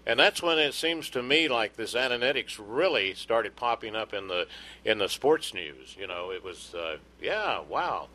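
A man's voice: on the low side, moderate pace, bright, forceful tone, slight background noise. A man hosting a sports talk radio show, chatting loosely with plenty of fillers and restarts.

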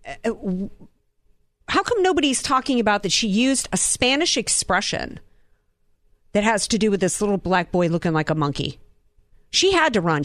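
A woman's voice: medium pitch, dry recording. Woman from the Southern US, political commentator, indignant, rhetorical questions, dry close sound. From Southern United States.

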